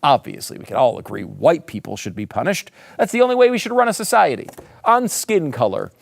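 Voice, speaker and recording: A man's voice: on the high side, brisk, vocal fry, dry recording, clean studio sound. A man hosting a political commentary show, talking in a sarcastic, mocking, emphatic way. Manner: emphatic, lively delivery. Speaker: host.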